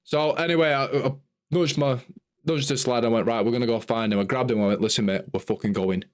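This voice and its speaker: A young man telling an animated, sweary story in a casual podcast chat. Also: medium pitch, fairly quick, clean tone. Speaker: podcast host.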